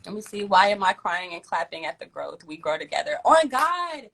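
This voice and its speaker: A young woman hosting a live community stream, chatting casually with slang, reading messages aloud and giving heartfelt shout outs. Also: lowish voice, brisk, gravelly, poor audio. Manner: warm, effusive, uses slang and swears, reads chat aloud. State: near tears at times. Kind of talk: casual livestream chat.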